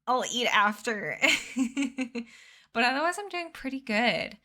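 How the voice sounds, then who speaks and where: A woman in her twenties, a streamer reading a book aloud, chats casually with her stream chat and reads out chatters' names in a bubbly, giggly way. She sounds sleepy and yawns, with a slightly high voice, lively intonation, slow pace and sharp tone.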